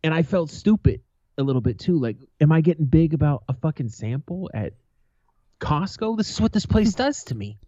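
Man, podcast co-host, blunt and profane, mellow dark voice, dry dull recording. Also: on the high side, expressive, moderate pace, dry recording. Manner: blunt, profane, self-described aggressive. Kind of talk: casual storytelling chat. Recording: slightly dull, lo-fi sound.

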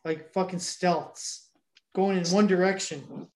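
A man's voice: high-pitched, fairly even intonation, slow pace, reverberant. A man retelling a movie in casual chat, rambling, swearing freely and doubling back on himself. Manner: rambling, profane, jumps back and forth. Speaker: podcast co-host recapping a movie.

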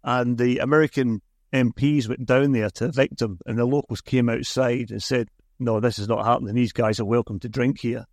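Male podcast host, mid pitch, chatty with restarts, dry close sound. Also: steady tone, fairly quick, a little mellow, dry recording. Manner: chatty, self-correcting restarts. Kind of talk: podcast interview.

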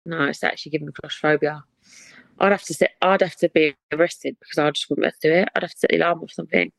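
A woman's voice: low-pitched, steady tone, racing, vocal fry, dry recording. A woman, hosting a podcast in casual chat, chatty and given to dramatic reactions. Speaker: podcast host.

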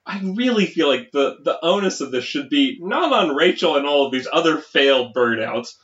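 A podcast co-host chatting casually through an episode recap, quick to agree and chime in with short replies. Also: medium pitch, animated, fairly bright tone. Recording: echoey room, muffled lo-fi sound.

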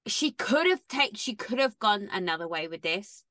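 A woman co-hosting a casual podcast chat, often chiming in with quick agreement. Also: medium pitch, very animated, a bit bright, dry recording, studio quality. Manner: agreeable, quick backchannel replies. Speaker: podcast co-host.

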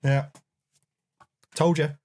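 A man's voice: a little high, level tone, very slow, a little mellow. A man co-hosting a comedy podcast, rambling hesitantly with fillers. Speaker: podcast co-host. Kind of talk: casual comedic chat.

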